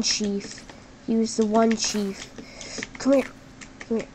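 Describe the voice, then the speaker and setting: A woman talks her way through a computer game in an unhurried, drawn-out way, her voice sitting a little high. She is chatty and excitable, leans on "like" constantly and breaks into sudden shouts. Faint keyboard typing sits underneath. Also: a little hiss or hum, rough recording. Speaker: gameplay commentator. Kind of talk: casual game commentary. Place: at a computer while gaming.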